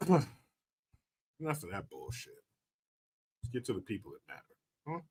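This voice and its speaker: A man's voice: medium pitch, wildly swooping pitch, moderate pace, very noisy. A man hosting a casual livestream, ranting sarcastically and thanking viewers for donations. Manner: sarcastic, mocking rants with profanity. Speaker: livestream host reading donations.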